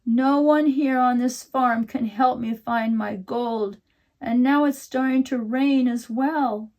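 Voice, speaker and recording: A grumpy little leprechaun from a storybook, grumbling and mumbling his complaints in a high voice, as a woman puts him on. His speech is slow and drawn out, as if muttering to himself. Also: steady tone, darkish tone. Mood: sighing. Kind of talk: storybook reading.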